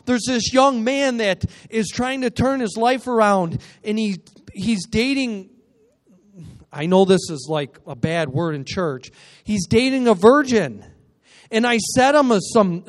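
A man preaching a lively sermon in a church, energetic and joking, calling out to the congregation. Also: high-pitched. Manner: energetic, joking, call-and-response. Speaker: guest preacher.

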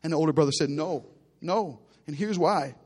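A man delivers a sermon, retelling the story with lively, animated delivery. His voice sits a touch high for a man, and he swings between hushed asides and loud bursts. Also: moderate pace. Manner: animated storytelling preacher, acting out characters with big swings in loudness. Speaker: pastor.

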